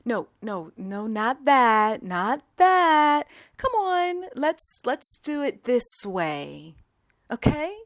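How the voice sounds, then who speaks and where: A woman voicing a patronizing young woman who talks down to an older person in a slow, overly sweet, condescending way. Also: a little high, big pitch swings, dry recording, studio quality, voice pushed up, full character voice.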